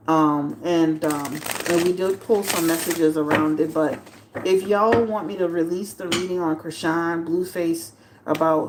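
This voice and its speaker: A woman tarot reader chatting on a livestream to her viewers, animated and repetitive, full of fillers and restarts. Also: lowish voice, slight background noise. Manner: animated, talks straight to chat, repeats herself with many fillers. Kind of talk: casual livestream commentary.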